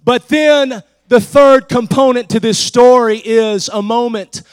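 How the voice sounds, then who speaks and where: Preacher, man, very high voice; shouted "uh"-punctuated climaxes, quiet low asides. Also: clear, resonant tone, no room sound. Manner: builds to shouted, drawn-out declarations with "uh" between phrases; drops to soft, low speech between climaxes. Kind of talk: sermon. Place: church.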